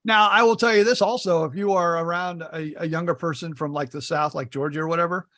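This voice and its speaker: A man's voice: on the high side, steady tone, brisk, a bit bright. A middle-aged man from Indiana co-hosting a podcast, telling folksy stories in casual chat. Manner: storytelling, folksy, repeats words when starting. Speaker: podcast co-host.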